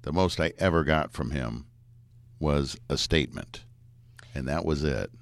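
Guy reporter on a true crime podcast, super deep voice, dry close mic, just talking it through. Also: measured pace, vocal fry, no room sound. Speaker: reporter and co-host.

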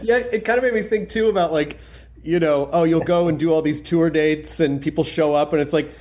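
A man's voice: a little high, brisk, darkish tone. A man hosting a podcast, chatting effusively and rambling with lots of fillers. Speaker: podcast host. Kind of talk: casual chat.

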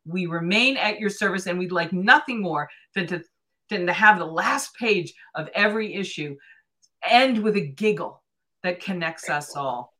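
Bright-voiced woman closing an interview. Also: on the low side, expressive, moderate pace. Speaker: magazine interviewer.

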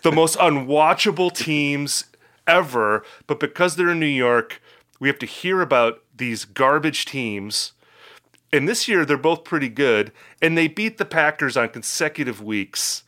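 A man from the middle of the country hosting a sports podcast, ranting with mock outrage in an animated way. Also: a little high, measured pace. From Wisconsin, middle of the country. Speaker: podcast host.

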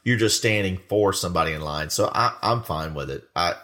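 A man's voice: low-pitched, fairly quick, a bit bright. A man co-hosting a casual podcast, speaking bluntly and plainly and swearing casually. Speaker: podcast co-host.

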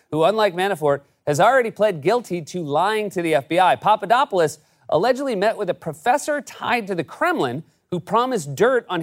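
A man hosting a late-night comedic news monologue with a sarcastic, punchy delivery. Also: sits high. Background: studio audience laughter.

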